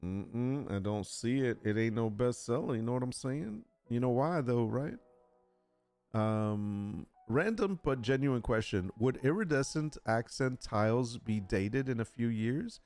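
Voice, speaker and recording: A man's voice: medium pitch, animated, measured pace, a little mellow, soft background music. A man chatting casually on a live stream, talking through his work and reading text aloud with joking asides. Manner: chatty, reads aloud, jokes with chat.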